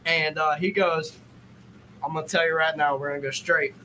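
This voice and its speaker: Casual podcast guy with a high, bright voice; animated, swears freely, plays every part in his stories. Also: moderate pace, a little hiss or hum, low-quality recording. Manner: animated, profane, acts out quotes. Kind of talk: casual storytelling chat.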